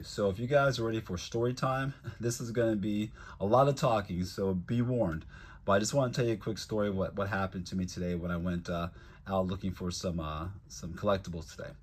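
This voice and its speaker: A man's voice: lowish voice, breathy edge. A man vlogging as a toy collector, telling a casual, rambling story with lots of fillers.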